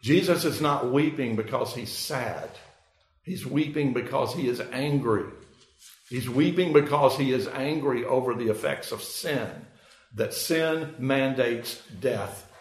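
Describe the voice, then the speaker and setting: A male preacher delivering a sermon, taking his time to explain and leaning on small fillers as he thinks aloud. His voice has a gravelly fry at a middle pitch. The sound carries the echo of a church sanctuary. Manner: explanatory, unhurried, with frequent fillers. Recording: echoey room.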